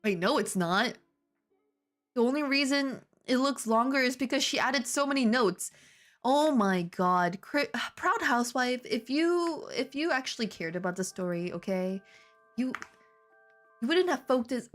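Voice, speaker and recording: A woman's voice: on the high side, lively intonation, normal speed, faint music behind. A woman reading fanfiction aloud with sarcastic, laughing commentary.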